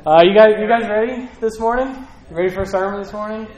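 A man's voice: high-pitched, quick pace, a little mellow, a little hiss or hum, poor audio. A young man preaching a casual, conversational sermon from a church stage, rambling with many restarts and fillers.

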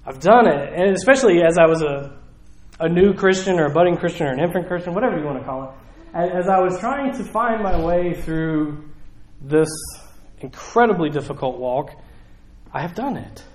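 A man with a Southern US accent preaching a sermon in a conversational, animated way. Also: on the high side, moderate pace, reverberant. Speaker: pastor.

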